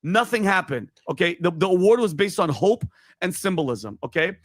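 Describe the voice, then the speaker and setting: A man's voice: high-pitched, lively intonation, normal speed, no room sound, clean studio sound. A man co-hosting a political panel, arguing points and punctuating them with "okay?". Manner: argumentative, peppers points with "okay?".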